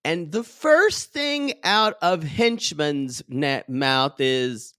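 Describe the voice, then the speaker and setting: A man co-hosting a podcast, recapping a reality show in a gossipy, sarcastic, animated way. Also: on the high side, very slow, hardly any pauses, clear, resonant tone, dry recording, studio quality. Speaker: podcast co-host. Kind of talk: casual recap chat.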